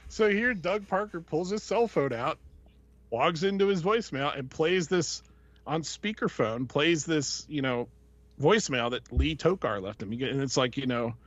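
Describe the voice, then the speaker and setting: A man's voice: fairly high pitch, lively intonation, moderate pace, dry recording. A man hosting a podcast, telling a casual, rambling story full of fillers and voices he quotes. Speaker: podcast host. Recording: dull lo-fi, dry sound.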